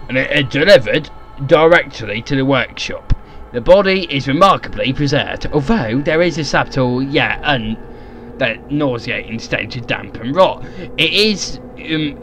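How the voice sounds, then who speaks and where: A man voicing a grave, theatrical Victorian gentleman in a horror game's notes. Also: mid-range voice, slight background noise, pitched above the performer's own voice. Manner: theatrical reading voice.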